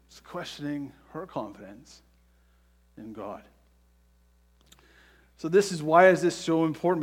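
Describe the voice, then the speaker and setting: A man preaching a sermon earnestly, often checking in with the congregation by asking "right?". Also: a little high. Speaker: pastor.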